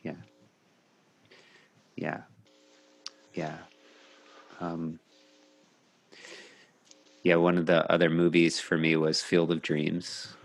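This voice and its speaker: A middle-aged man, a coach hosting a casual podcast conversation, talking in a reflective, measured way with many pauses. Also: sits low, monotone, vocal fry. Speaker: coach and host.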